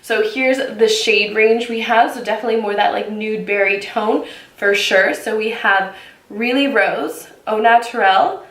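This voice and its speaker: A woman's voice: medium pitch, measured pace, fairly bright tone, recorded from a distance. A young woman chatting casually through a makeup unboxing, gushing and bubbly, dropping lots of "like". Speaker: beauty vlogger. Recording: echoey room, voice a little off-mic.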